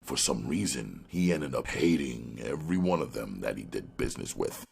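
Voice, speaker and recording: A man narrating a crime audiobook in an expressive storytelling manner. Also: a bass voice, moderate pace, creaky, few pauses, slightly rough.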